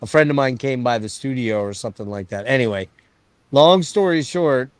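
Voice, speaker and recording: A man hosting a casual stream, telling stories to his friends in an excited, profane way. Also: mid-range voice, normal speed, dry recording. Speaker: stream host. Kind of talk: casual chat storytelling.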